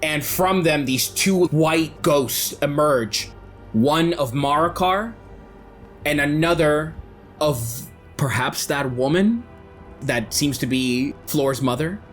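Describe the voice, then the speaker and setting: Slow-spoken male game master. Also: a little high, a bit bright, soft background music. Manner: measured, descriptive narration. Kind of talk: narrating a tabletop game.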